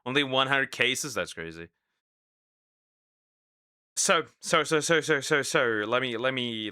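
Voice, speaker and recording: A man's voice: medium pitch, animated, a little slow, pauses often, bright, forceful tone, clear, resonant tone, dry recording, studio quality. A man reacting to videos as a streamer, talking casually, laughing and repeating himself as he stammers through his thoughts.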